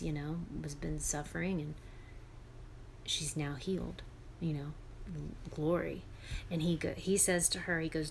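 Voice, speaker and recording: A woman teaching other women, retelling a Bible story in an animated, emphatic, chatty way. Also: fairly low pitch, gravelly, slight background noise.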